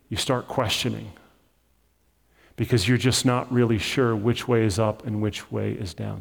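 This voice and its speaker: A man's voice: mid-range voice, vocal fry, darkish tone, in a large hall. A man preaching a sermon as pastor, in a conversational, emphatic style that acts out the story.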